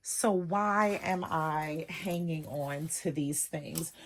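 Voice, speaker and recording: Speaking slowly in a low voice, this woman vlogger and personal stylist chats while sorting through clothes in her dressing room. Her manner is emotional and chatty, and at times she chokes up. There's slight hiss or hum, and with the camera off, only her voice comes through.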